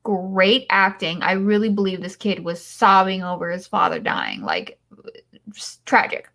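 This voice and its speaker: A woman's voice: mid-range voice, lively intonation, moderate pace, a bit bright. A woman hosting a podcast, recapping a film in a casual, rambling and sarcastic way with many filler sounds. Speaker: podcast host.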